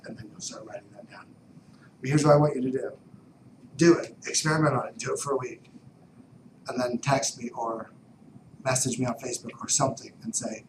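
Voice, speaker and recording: A man giving a motivational talk, telling stories animatedly, dropping to whispers and then bursting out loud. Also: medium pitch, fairly quick, background noise. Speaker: motivational speaker. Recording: roomy distant mic with background ambience.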